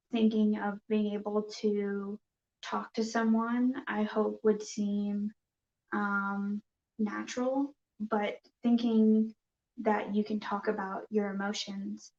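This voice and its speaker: A woman's voice: medium pitch, darkish tone. A woman hosting a casual live stream, talking nervously and hesitantly with many fillers and restarts. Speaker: yarn crafting streamer. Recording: dull, roomy home recording.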